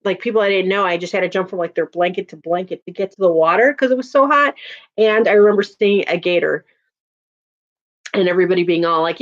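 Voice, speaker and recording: A woman in her thirties chats casually on a livestream, greeting viewers and laughing often. Her voice sits at a middling pitch. The audio sounds dull and lo-fi, like a home stream setup. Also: lively intonation, moderate pace. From Chicago area, USA. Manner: chatty, laughs often, talks to chat viewers. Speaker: livestream host.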